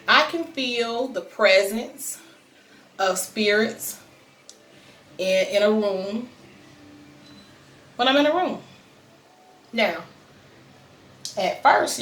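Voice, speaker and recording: A woman's voice: mid-range voice, fairly bright tone. A woman vlogger casually telling a personal story to her viewers, chatty and direct with plenty of fillers. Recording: roomy sound, distant from mic.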